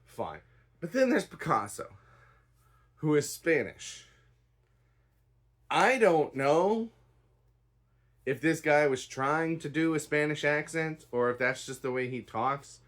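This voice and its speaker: A man's voice: fairly high pitch, animated, slow, long pauses, a bit bright. A man giving a casual spoken review of a stage play, rambling and hedging with a dry, unimpressed tone. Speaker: theatre reviewer.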